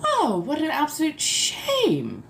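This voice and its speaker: A woman streamer chatting live in a put-on old colonial accent that mixes English, Scottish and Irish tones. She speaks in a genteel, theatrical way and answers her chat with drawn-out exclamations. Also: high-pitched, huge pitch swings, creaky, a bit bright, a little hiss or hum. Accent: put-on old colonial mix of English, Scottish and Irish. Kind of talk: casual live chat in a vampire persona.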